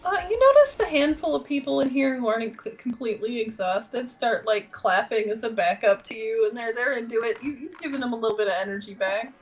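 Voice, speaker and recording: A woman's voice: a little high, lively intonation, brisk, few pauses, soft background music. Playful woman running a tabletop game. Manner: laughing, playful narration. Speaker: game master.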